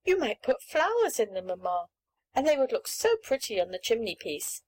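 A woman voicing an eager little girl of about seven who pleads for pretty things, speaking high and excited. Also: moderate pace, a little hiss or hum, low-quality recording.

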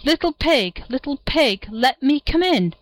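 A woman's voice: sits high, animated, a little slow, low-quality recording. A woman voicing a sly male wolf in a storybook reading, coaxing in a sing-song way. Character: big bad male wolf, wheedling and sly.

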